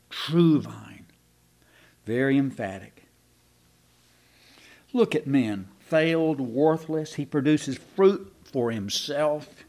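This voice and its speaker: A man preaching a sermon, slow and emphatic, asking rhetorical questions and sometimes restarting mid-phrase. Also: medium pitch, a little mellow.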